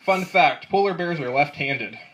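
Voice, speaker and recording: A man in his twenties works through a stand-up set, firing off dry one-liners and chuckling at his own jokes. His voice sits fairly high and swings widely in pitch. A live crowd laughs loudly throughout. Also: expressive, measured pace. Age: 20s. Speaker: amateur comedian. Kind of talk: stand-up comedy. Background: audience laughing.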